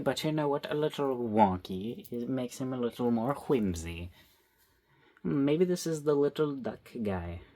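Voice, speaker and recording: Talking to himself as he draws, a young vlogger gives loose, playful commentary captured on his phone. His voice is medium-pitched and a little mellow.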